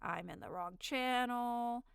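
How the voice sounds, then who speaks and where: Smooth-voiced woman rambling freely. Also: a little high, slow pace, no echo, clean studio sound. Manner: rambling, unedited and chatty. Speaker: podcast host. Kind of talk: casual solo monologue.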